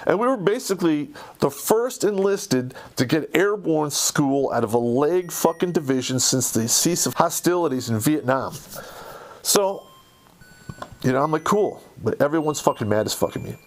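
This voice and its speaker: A man, an army veteran, telling a story of his own service in a heated, profane, animated way. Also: on the high side, moderate pace. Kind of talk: casual storytelling.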